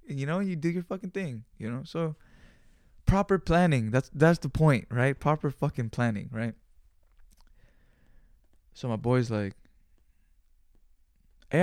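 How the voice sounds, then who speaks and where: A man's voice: mid-range voice, dry recording, studio quality. A man in his twenties telling a rambling, profane story in slangy casual talk, acting out bits of dialogue. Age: 20s. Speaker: podcast host.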